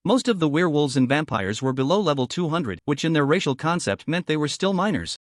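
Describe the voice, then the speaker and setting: A man's voice: fairly high pitch, very animated, brisk, no echo, studio quality. A man narrating a fantasy story recap in a scripted storytelling delivery.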